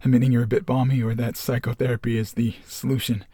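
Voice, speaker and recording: A man's voice: medium pitch, level tone, fast talker, mellow, husky, no room sound, clean studio sound, lightly acted. A man voicing an awkward young man in his twenties in a screenplay reading, hesitant and stammering. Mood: nervous.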